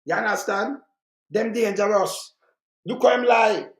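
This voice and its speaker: Heard through a roomy echo, a political commentator with a Jamaican accent speaks in a mid-range voice at a measured pace. His heated monologue is fierce and repetitive, delivered in Jamaican patois.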